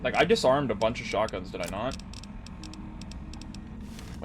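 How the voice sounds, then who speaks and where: Sweary joking gamer from Canada. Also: male voice, on the low side, lively intonation, normal speed, over music. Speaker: gaming video host. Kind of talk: casual let's-play commentary.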